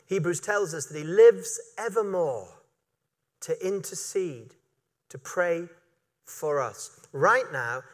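Animated high-voiced male preacher. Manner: animated, acts out voices of biblical figures; repetitive, emphatic. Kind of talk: sermon.

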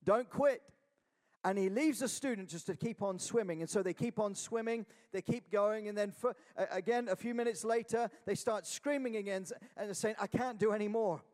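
High-voiced man preaching in a reverberant hall. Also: fairly quick, hardly any pauses, darkish tone. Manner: earnest exhortation with repeated calls of "Amen?". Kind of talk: sermon.

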